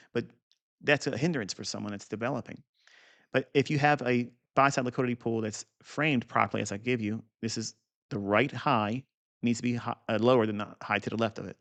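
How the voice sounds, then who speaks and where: A man's voice: medium pitch, a bit bright. A man teaching trading setups off a chart in an unscripted, blunt and profane way, with boastful asides. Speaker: trading educator.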